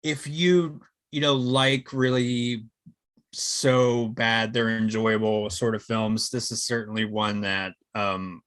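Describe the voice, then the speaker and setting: A man hosting a podcast, chatting casually about a cult horror film with frequent ums and pauses. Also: steady tone, a bit bright. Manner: hesitant, many fillers, pitch jumps up when starting turns. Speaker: podcast host. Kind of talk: casual chat.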